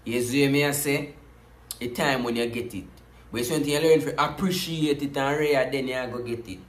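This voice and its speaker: A man's voice: mid-range voice, fairly even intonation, fairly quick. A man hosting a reaction video, talking casually to his viewers in a preachy way and often circling back with "you see me, I say.". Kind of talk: casual commentary to camera. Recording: roomy echo.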